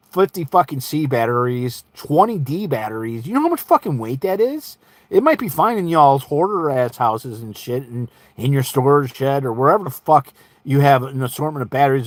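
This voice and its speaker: A man's voice: mid-range voice, dry recording. Swearing man ranting about a gadget. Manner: heavy swearing, quoting himself and others. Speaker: channel host. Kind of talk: profane storytelling rant. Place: lives in an RV.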